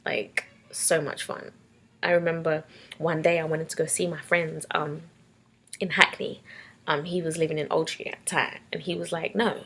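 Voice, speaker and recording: Husky London woman telling her story. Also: low voice, flat delivery, normal speed, a bit bright. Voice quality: husky and gravelly. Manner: tearful and laughing by turns, casual. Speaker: vlogger. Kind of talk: emotional personal storytelling.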